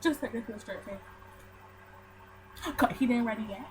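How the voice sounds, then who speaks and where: Animated Barbadian woman ranting to camera. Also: a little high, moderate pace, pauses often, slight background noise, poor audio. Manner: animated storytelling, ranting with mock outrage. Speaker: vlogger. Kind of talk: casual chat to camera.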